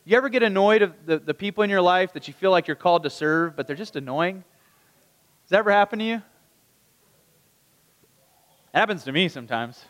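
A man's voice: high voice, expressive, quick pace, a bit bright, in a large hall. A man preaching a conversational sermon, asking the listeners rhetorical questions and acting out the lines of the people in the story. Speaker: pastor.

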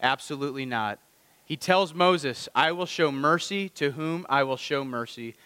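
Male pastor, bright and forceful, preaching with lively rhetorical questions; dry close mic with a long hall tail. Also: on the high side, measured pace, clear, resonant tone. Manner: animated, rhetorical questions to the congregation. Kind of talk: sermon.

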